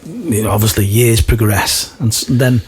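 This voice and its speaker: A male radio presenter with a husky voice, chatting casually. His pitch swings widely as he keeps chipping in with questions. He is heard on a studio mic. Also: normal speed. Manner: lively, interjecting questions.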